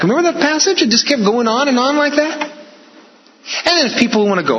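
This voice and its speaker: A man's voice: extremely high pitch, wildly swooping pitch, normal speed. A man preaching a sermon, emphatic and repetitive, with joking asides. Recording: echoey hall, slightly dull sound.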